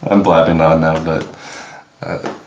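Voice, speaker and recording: A man's voice: rumbling low, little pitch movement, a little slow, dull audio, slight background noise. A man co-presenting at a tech event and opening the floor to questions, talking in a rambling, hesitant, self-deprecating way. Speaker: co-presenter and moderator. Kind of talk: casual conference talk. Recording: roomy echo.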